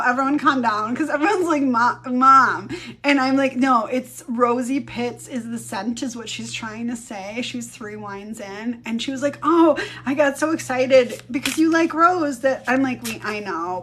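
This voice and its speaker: Woman, thirties, chatty live-stream host, a bit high-pitched, swears casually, acts out quotes. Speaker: livestream host.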